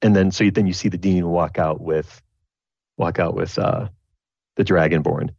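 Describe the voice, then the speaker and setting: Man, game master, deep voice, husky, rambling narration, muffled dry recording. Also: steady tone, moderate pace, darkish tone, no echo. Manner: rambling, full of restarts and fillers.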